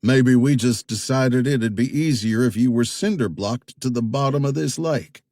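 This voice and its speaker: A man's voice: medium pitch, moderate pace, mellow, dry recording, lightly acted. A man voicing a wary young male investigator from Tennessee in an audiobook, giving guarded, dry answers.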